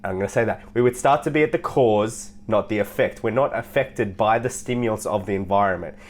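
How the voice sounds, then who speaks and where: A man who coaches people on their social life, telling stories in a casual, animated way, laughing and swearing as he goes. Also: on the low side, fairly quick, a little hiss or hum. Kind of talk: casual storytelling monologue.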